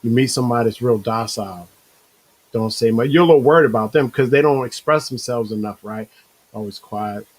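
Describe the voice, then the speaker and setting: A man hosting a casual motivational talk show, rambling and animated, acting out inner voices, with a slight cough. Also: mid-range voice, a little fast, poor audio. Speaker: show host.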